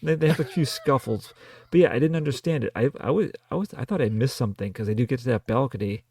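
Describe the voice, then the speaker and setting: A man co-hosting a casual film review podcast, recapping plot in a deliberate way and pointing out what bugs him. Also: mid-range voice, a little mellow, slightly rough. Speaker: podcast co-host.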